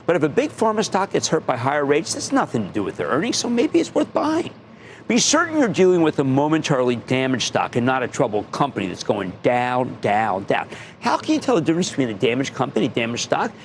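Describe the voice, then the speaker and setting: A man's voice: a little high, wildly swooping pitch, fast, a little hiss or hum. A middle-aged man hosting a stock market show, giving emphatic investing advice and repeating words for punch. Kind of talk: energetic investing advice monologue.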